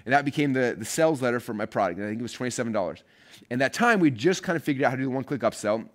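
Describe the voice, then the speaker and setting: A man talks to his viewers at a quick clip, in a voice of middling pitch. He tells a personal story casually and jumps into little acted-out bits of his past self. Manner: fast, animated storyteller who acts out his own past lines. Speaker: online marketing speaker.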